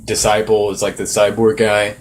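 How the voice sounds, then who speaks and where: Casual male podcast guest, deep-ish, rambling and profane, slight noise floor. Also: monotone, moderate pace. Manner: laid-back, swears freely, rambling. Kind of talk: casual chat. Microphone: shared podcast mic, creaking chair.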